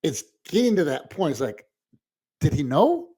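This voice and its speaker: Halting grieving man telling a story. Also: a little high, big pitch swings, husky. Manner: halting, with restarts and soft laughs while telling a personal story. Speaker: podcast co-host. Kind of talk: casual conversation.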